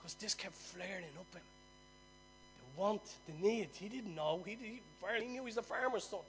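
A man preaching, telling a long story that swings from loud emphasis to near-hushed telling. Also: high-pitched, normal speed, soft background music. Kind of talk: sermon storytelling.

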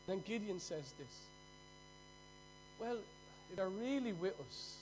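An Irish man preaching a sermon, telling stories and swinging between loud bursts and hushed drops. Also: high-pitched, animated, slow, slight background noise, rough recording. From Ireland.

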